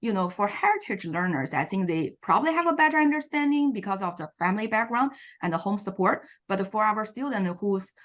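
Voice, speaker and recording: A woman's voice: medium pitch, animated, a little fast, few pauses, a bit bright. Woman presenting teaching strategies on a video call. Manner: explanatory, with frequent fillers and self-corrections. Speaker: Chinese language teacher presenting. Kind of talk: online teacher workshop presentation.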